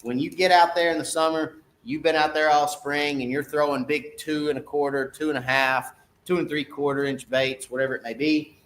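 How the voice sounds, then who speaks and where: A man's voice: fairly high pitch, flat delivery, moderate pace, fairly bright tone. A middle-aged man, a fishing guide talking casually on a live stream, folksy and repeating "okay?" to his viewers.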